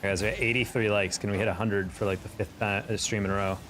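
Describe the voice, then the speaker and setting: A man's voice: on the low side, fairly even intonation, quick pace, a bit bright, slight background noise. A young man live-streaming a game, chatting casually, reacting to plays and answering his chat. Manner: chatty, reacts to gameplay and reads chat aloud.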